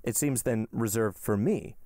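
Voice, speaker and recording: A man voicing a suave, ironic wealthy count in an audiobook reading, smooth and politely mocking. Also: mid-range voice, unhurried, warm tone, no echo, studio quality, lightly acted. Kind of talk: audiobook character voice.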